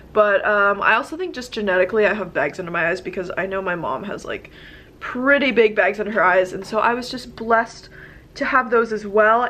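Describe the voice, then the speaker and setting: A woman's voice: on the high side, fairly bright tone. A young woman with a nasal, stuffy voice from a cold, chatting casually and rambling through her makeup routine. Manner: chatty, rambling, self-deprecating. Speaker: beauty vlogger. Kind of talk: casual get-ready-with-me chat.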